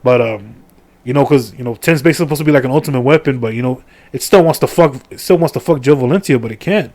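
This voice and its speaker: A man's voice: mid-range voice, fast talker, a little mellow. A middle-aged man casually recapping a video game's story, rambling with crude jokes, heavy swearing and lots of fillers. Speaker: gaming video creator.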